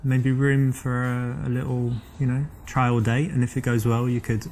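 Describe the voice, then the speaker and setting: A man's voice: medium pitch, little pitch movement, moderate pace, darkish tone, a little hiss or hum, natural voice. A man with an English accent playing a teasing, self-assured flirt in a game. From England. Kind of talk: game dialogue.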